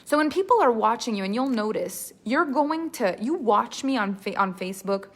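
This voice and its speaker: High-voiced, animated woman storytelling coach. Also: normal speed. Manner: animated, expressive, laughs often. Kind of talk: live online workshop teaching.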